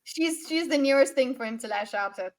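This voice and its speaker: A woman co-hosting a book discussion, reacting excitably and laughing often. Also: sits high, a little fast, a loud crowd. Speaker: podcast co-host.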